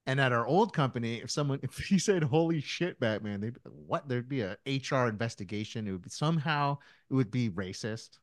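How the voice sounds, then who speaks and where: A man's voice: mid-range voice, expressive, quick pace, few pauses, dry recording, studio quality. A man in his thirties, a podcast co-host, chatting casually and telling rambling stories full of fillers and restarts. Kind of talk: casual chat.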